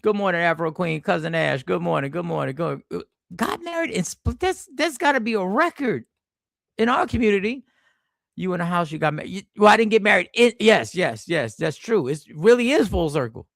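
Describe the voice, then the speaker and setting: A man hosting a casual livestream from an airport, greeting the chat by name and reacting to their comments in a lively, slangy way. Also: high-pitched, fairly quick, no echo, studio quality. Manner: animated, slangy, reacts to chat with sudden exclamations. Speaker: livestream host.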